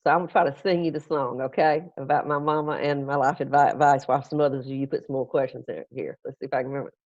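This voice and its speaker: A woman's voice: extremely low pitch, fairly even intonation, fast, a little mellow, no room sound. A middle-aged woman minister, chatting through congregation questions in a folksy, conversational way and chuckling often. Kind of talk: casual question-and-answer with congregation. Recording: dull, dry, lo-fi stream audio.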